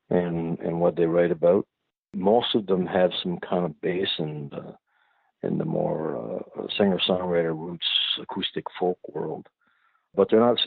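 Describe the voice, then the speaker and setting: A low-voiced man with a gravelly, husky tone gives slow, reflective answers in an interview. The sound is thin and tinny, like a phone line, with no room around it. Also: dry recording. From Prince Edward Island, Canada. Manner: thoughtful, unhurried, searching for words. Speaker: singer-songwriter guest.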